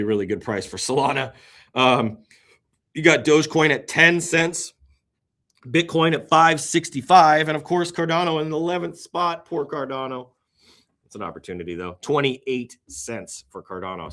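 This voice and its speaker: Expect sighs that stretch on and the occasional yawn from this man, who hosts a relaxed crypto show while going over market charts on screen. He's excitable, lurching from soft muttering into sudden loud outbursts.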